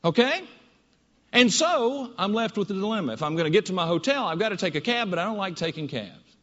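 High-voiced man telling a story on stage. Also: fairly quick. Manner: animated, conversational. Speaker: keynote speaker. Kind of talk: storytelling presentation. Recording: dull audio in a reverberant hall.

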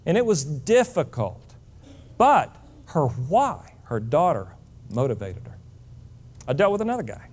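A man's voice: on the high side, darkish tone. A middle-aged man giving a motivational speech, blunt and emphatic, lecturing his listeners. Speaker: motivational speaker.

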